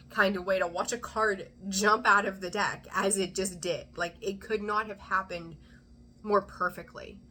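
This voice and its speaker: A middle-aged woman giving a casual tarot reading, chatty and rambling, easily excited and laughing often. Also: medium pitch, a little hiss or hum. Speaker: tarot reader.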